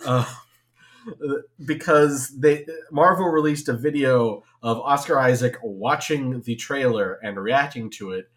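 A man's voice: medium pitch, a little slow, fairly bright tone. A man in his thirties on a podcast, talking in a rambling, hesitant way with many fillers. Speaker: podcast co-host. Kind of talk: casual podcast chat.

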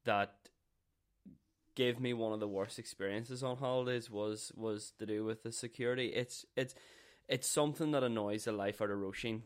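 A man's voice: medium pitch, fairly even intonation, normal speed, smooth. A man co-hosting a podcast, talking bluntly with plenty of swearing and laughter. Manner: blunt and profane, laughing often. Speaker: podcast co-host. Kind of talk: casual chat.

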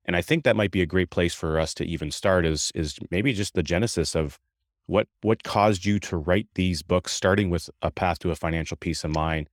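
A man's voice: deep voice, normal speed, no echo, clean studio sound. A man hosting a podcast, asking a long, chatty question and laughing easily. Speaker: podcast host. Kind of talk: conversational interview questions.

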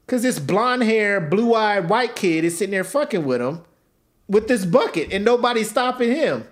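A man co-hosting a comedy podcast with a lively, swooping voice. He tells stories in loose, profane chat and keeps slipping into the voices of the people in them. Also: sits high, normal speed. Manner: animated storyteller, acts out voices, profane. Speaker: podcast co-host.

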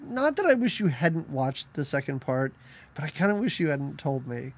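A man's voice: a little high, big pitch swings, normal speed. Chatty laughing male podcast co-host. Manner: chatty, laughs often, jumps between topics. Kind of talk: casual film review chat.

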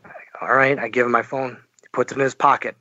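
A man's voice: medium pitch, little pitch movement, quick pace, sharp tone, no echo, lo-fi sound. A man as a podcast guest, telling a story animatedly and acting out the dialogue. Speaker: interview guest. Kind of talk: podcast interview.

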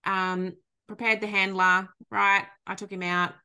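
An Australian woman, a dog trainer co-hosting a podcast, chatting casually and telling animated stories. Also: medium pitch, unhurried, smooth. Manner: animated storytelling, frequent laughter, loose swearing. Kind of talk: casual chat.

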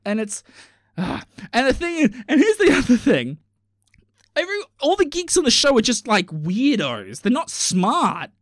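A man hosting a solo podcast rambles in a casual, exasperated rant and swears freely. His pitch swings widely as he talks. The recording is dry and close. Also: wildly swooping pitch, moderate pace, fairly bright tone, no room sound. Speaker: podcast host.

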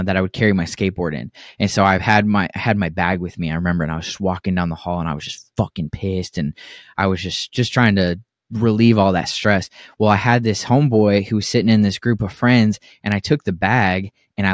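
A man's voice: on the low side, no echo, clean studio sound. Profane young man telling stories. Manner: profane, animated storytelling with acted-out quotes. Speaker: podcast co-host. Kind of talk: casual storytelling chat.

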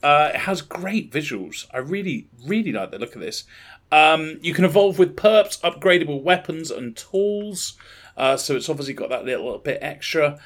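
A man's voice: a little high, expressive, moderate pace. A man hosting a gaming podcast, reading game news in a casual way and swearing as he laughs at his own slips. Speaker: podcast host.

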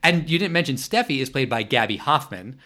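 A man's voice: mid-range voice, big pitch swings, fairly quick, sharp tone. A man hosting a casual podcast, blunt and opinionated. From Long Island, New York. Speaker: podcast host. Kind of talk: casual chat. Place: apartment in New York.

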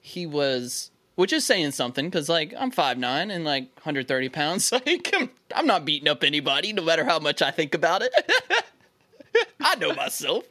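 A young man from Philadelphia, a podcast co-host, telling stories in animated, casual chat, laughing often and swearing freely. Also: on the high side, moderate pace, no echo.

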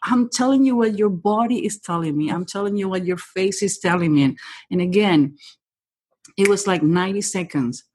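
A woman's voice: medium pitch, a little mellow, husky. A woman speaking as a human behavior expert on a podcast, reading the listener point by point in direct, non-native English. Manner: direct and rapid-fire, reads the listener point by point, says "honey". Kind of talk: casual podcast conversation.

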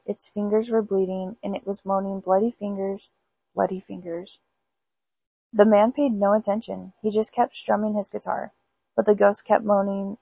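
A woman's voice: mid-range voice, gravelly, mellow, husky, dry recording, low-quality recording. A woman hosting a podcast, reading spooky folk tales aloud in an unpolished amateur way with small stumbles. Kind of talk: storybook read-aloud.

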